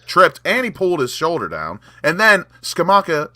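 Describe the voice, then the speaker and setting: Heated fan pundit; very bright, lively, sweary, dry close sound. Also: male voice, a little high, normal speed, dry recording. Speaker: guest pundit. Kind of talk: casual post-match chat.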